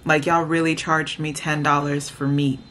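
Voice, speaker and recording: A woman's voice: sits low, flat delivery, normal speed, fairly bright tone, a little hiss or hum. A woman vlogger chatting casually to her viewers, ranting with exasperation. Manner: talks straight to viewers.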